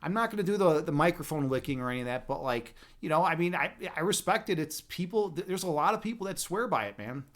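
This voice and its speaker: A playful man chats with his viewers on a live stream, talking close to the microphone. His voice sits a little high and swings around with animated intonation. He often trips over his words and restarts them, and he laughs at himself. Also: fast talker, hardly any pauses. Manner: chatty, restarts and repeats words. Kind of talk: casual chat with viewers.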